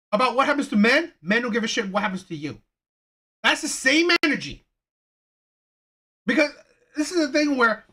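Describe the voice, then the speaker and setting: A man's voice: very high-pitched, pushed and bright. A man hosting a reaction channel, ranting heatedly in repetitive, swearing commentary.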